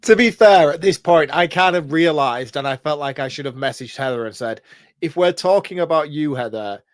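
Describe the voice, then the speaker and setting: A man's voice: on the high side, normal speed, no echo, studio quality. A male podcast co-host in casual chat, teasing and laughing as he talks.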